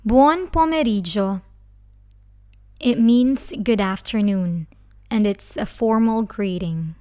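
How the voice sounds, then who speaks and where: Slow, careful woman teaching a lesson. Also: mid-range voice, dark tone, clean tone. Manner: slow, careful, spells out syllables. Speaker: language teacher.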